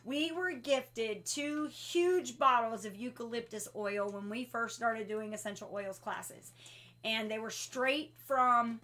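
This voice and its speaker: Woman host, lively storyteller with a slightly high voice, casual livestream class. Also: takes it slowly. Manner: animated storyteller who laughs often. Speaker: host teaching an essential oils class.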